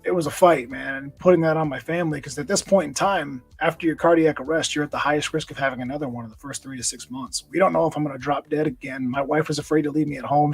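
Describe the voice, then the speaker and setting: Earnest, husky-voiced man telling his story. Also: on the high side, no room sound, low-quality recording. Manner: earnest, intense, repeats words when stirred. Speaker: podcast guest, nonprofit founder. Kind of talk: emotional personal story.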